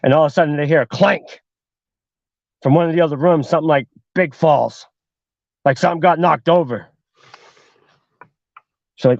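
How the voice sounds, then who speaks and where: Host, male, high-ish gravelly voice, profane casual horror storyteller, dull dry livestream audio. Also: normal speed, long pauses, a little mellow, no echo. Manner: heavy swearing, fillers like "like". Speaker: podcast host.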